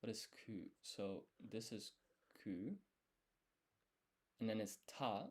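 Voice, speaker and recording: Slow and darkish in tone, with a lowish pitch, a man thinks aloud while streaming his language study. He explains each step as he goes and quizzes himself under his breath.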